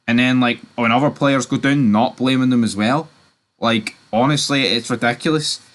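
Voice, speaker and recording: A man's voice: mid-range voice, fairly even intonation, normal speed, fairly bright tone. A man, ranting about football in a reaction vlog, swearing and talking in fired-up bursts. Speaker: football vlogger.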